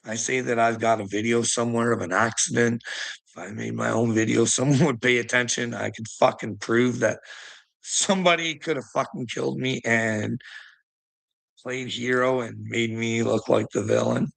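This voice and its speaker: Gravelly, sharp-voiced man ranting and laughing. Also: mid-range voice, steady tone, normal speed. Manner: ranting, swearing, breaking into laughter; taunting, addresses the listener as bud. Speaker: vlogger. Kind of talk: profane ranting monologue.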